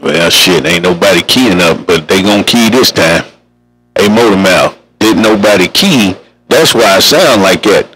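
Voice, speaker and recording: A man's voice: low-pitched, animated, normal speed, fairly bright tone, breathy edge, faint music behind, rough recording. A man chatting casually over a CB radio in a folksy, drawling way. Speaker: CB radio operator.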